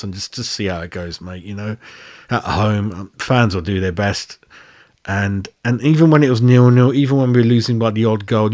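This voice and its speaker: A man's voice: medium pitch, darkish tone, no room sound, studio quality. A man hosting a live stream match reaction, exasperated and calling everyone mate. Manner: exasperated, keeps saying mate. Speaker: fan channel host.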